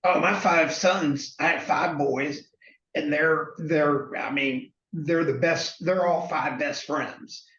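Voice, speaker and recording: A middle-aged man, a guest on a talk show, telling lively family anecdotes and acting out the voices in them. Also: a little high, slow. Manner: animated anecdote teller, acts out quoted voices. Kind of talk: storytelling in conversation. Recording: echoey, slightly dull sound.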